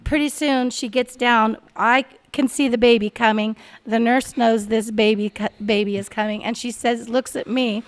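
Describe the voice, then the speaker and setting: A woman in her forties telling a story on a podcast in a casual, animated way, laughing often and acting out the voices of the people she quotes. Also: on the high side, normal speed, hardly any pauses. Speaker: podcast guest.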